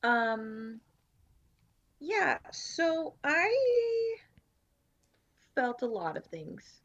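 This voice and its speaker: A woman's voice: sits high, very animated, very slow, a bit bright, lo-fi sound. Wry, hesitant woman reviewing a film. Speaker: podcast co-host. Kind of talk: casual movie review chat.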